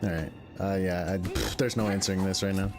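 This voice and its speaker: A man streaming a game, chatting casually in a rambling, halting way and swearing now and then. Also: sits low, steady tone, creaky, over music.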